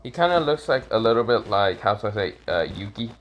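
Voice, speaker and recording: A man's voice: fairly low pitch, very animated, brisk, muffled recording. Man, casual fan-story narration, rambling, profane, self-correcting, recorded at home.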